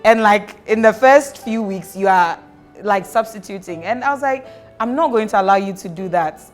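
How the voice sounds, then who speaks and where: Animated woman telling stories with laughs. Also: mid-range voice, moderate pace, soft background music. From Ghana. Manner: animated storyteller, acts out quotes, laughs. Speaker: mother sharing her experience. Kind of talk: casual chat.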